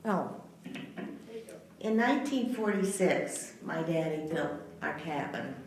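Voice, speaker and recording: A woman's voice: low voice, animated, slow, slight background noise. An older woman speaking at a public meeting, emotional, her voice breaking as she talks. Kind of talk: public comment. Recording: echoey hall, distant mic.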